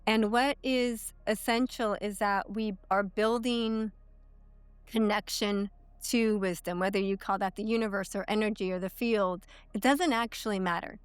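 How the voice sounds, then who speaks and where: Woman coach explaining, mid-pitched voice, smooth clear tone, dry close sound, keeps asking "okay?". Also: fairly even intonation, normal speed, dry recording. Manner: teaching, checks in with "okay?" and "right?". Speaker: coach, podcast guest. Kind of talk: explanatory interview talk.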